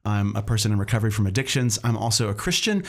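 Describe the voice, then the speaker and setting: A man's voice: lowish voice, animated, quick pace. A man co-hosting a podcast, welcoming and earnest in casual conversation. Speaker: podcast co-host.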